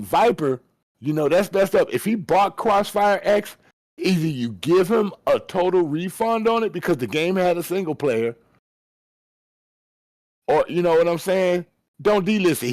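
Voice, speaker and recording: A man's voice: on the high side, a little mellow, no room sound, studio quality. Blunt slangy man on a podcast. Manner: blunt, slangy, repeats points for emphasis. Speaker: podcast co-host. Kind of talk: casual gaming podcast chat.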